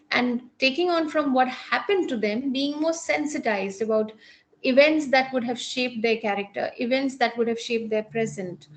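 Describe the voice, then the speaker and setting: A woman with an Indian English accent giving a measured academic lecture on psychotherapy as a clinical psychologist, with frequent pauses and restarts. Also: sits high.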